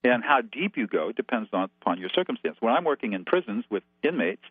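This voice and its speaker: A man's voice: mid-range voice, big pitch swings, brisk, husky, no echo. A man as a guest expert, calling in and laying out numbered steps in a methodical, instructive way over a tinny phone line. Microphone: telephone.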